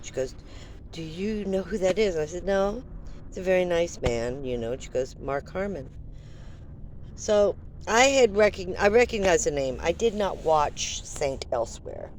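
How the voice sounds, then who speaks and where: A woman's voice: on the low side, expressive, a little slow, slight background noise. An older woman vlogger telling a rambling, chatty story full of fillers. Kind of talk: casual storytelling.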